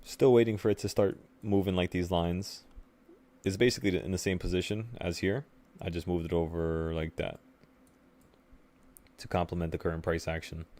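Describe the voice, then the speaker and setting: A young man with a very low voice walks through trading charts in a loose, offhand way. He thinks out loud and pokes fun at his own slips as he clicks around. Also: normal speed. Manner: relaxed, thinking aloud, laughs at himself. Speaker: trading channel host. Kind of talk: casual screen-share chart walkthrough.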